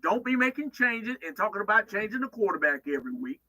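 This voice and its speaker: A man's voice: sits high, big pitch swings, fast talker, sharp tone, poor audio. A man giving opinionated football analysis on sports talk radio, emphatic and often restarting his phrases.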